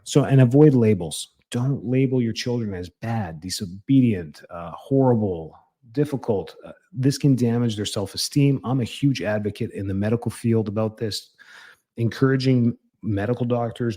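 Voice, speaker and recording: A man with a low, mellow voice talks parents through discipline in a loose, conversational way. He reassures and explains, often restarting a phrase or dropping in an "um" before going on. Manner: conversational, with frequent fillers and restarts. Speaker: chiropractor host. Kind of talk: casual advice talk.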